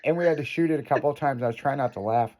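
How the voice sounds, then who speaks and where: A man's voice: medium pitch, racing, noisy background. Profane laughing man telling a story. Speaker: radio show host. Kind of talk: crude casual storytelling. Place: radio studio.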